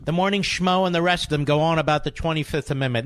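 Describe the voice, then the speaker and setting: A man delivering a talk radio monologue in a fairly high, very animated voice that swings widely in pitch. He is emphatic and combative and often jumps into sharp high outbursts. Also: quick pace.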